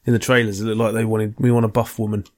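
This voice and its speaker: A man's voice: on the low side, flat delivery, darkish tone. A man co-hosting a podcast, dropping short, wry asides into a casual film chat. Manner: brief quick interjections and wry asides. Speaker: podcast co-host.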